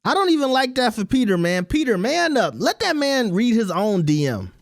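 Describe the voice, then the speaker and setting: A man's voice: extremely high pitch, very animated, normal speed, no echo, clean studio sound. A man hosting his own commentary channel, giving blunt, opinionated takes in a casual rant.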